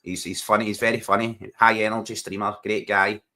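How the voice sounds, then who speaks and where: A man's voice: fairly low pitch, level tone, fairly quick, pushed and bright. A man with a Glaswegian accent, co-hosting a football watchalong stream in casual chat, joking and laughing often. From Scotland. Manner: joking, laughs often, says "Daniel" and "bro". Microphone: webcam stream mic, video call.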